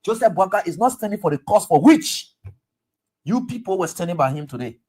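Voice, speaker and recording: In a medium-pitched voice with a breathy edge, going a little fast, a Liberian English-accented radio host delivers lively political commentary, acting out conversations and firing rhetorical questions.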